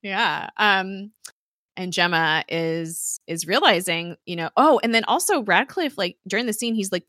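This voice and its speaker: A woman's voice: on the low side, animated, a little slow, fairly bright tone, no room sound, clean studio sound. A woman co-hosting a podcast, chatting casually and giggling as she acts out scenes in quoted voices. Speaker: podcast co-host. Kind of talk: casual recap chat.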